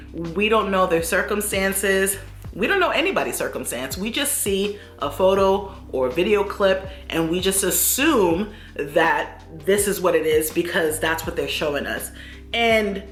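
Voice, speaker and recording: A woman's voice: lowish voice, a bit bright. A woman vlogger speaking candidly to camera in an earnest, reflective way, often repeating phrases for emphasis. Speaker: lifestyle vlogger.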